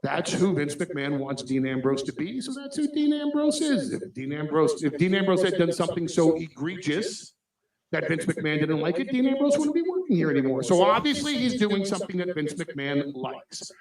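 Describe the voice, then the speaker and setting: A man's voice: fairly high pitch, sing-song, normal speed, a little mellow. A man hosting a wrestling podcast, telling stories in an emphatic, conspiratorial way. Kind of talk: casual chat. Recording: echoey room, far from mic.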